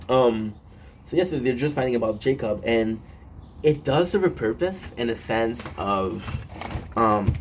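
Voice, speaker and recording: A man's voice: lowish voice, darkish tone. Rambling, swearing man with faint noise. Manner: rambling with many fillers and restarts, swears casually. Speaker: show recapper. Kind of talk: casual rambling recap.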